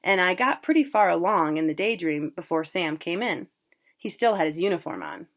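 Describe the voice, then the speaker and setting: Woman calmly reading a novel aloud. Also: lowish voice. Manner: plain, unhurried, with casual asides about pronunciation. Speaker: reader. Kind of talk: reading a novel aloud, first-person narration.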